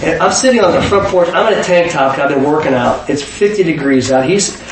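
A man telling a personal faith story in an animated way, often restarting his sentences. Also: a little high, fairly quick, slight background noise. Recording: echoey room, mic at a distance.

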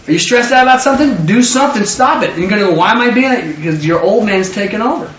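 A man preaching a lively sermon with call-and-response, acting out quotes in different voices. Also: high-pitched, fast, slight background noise. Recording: echoey room, distant mic, dull sound.

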